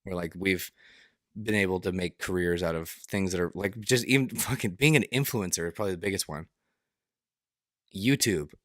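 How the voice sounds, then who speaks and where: A man's voice: deep voice, normal speed, no room sound, clean studio sound. A young man co-hosting a podcast, talking in a rambling, hesitant way with many restarts and fillers. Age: young adult. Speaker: podcast co-host. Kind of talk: casual chat.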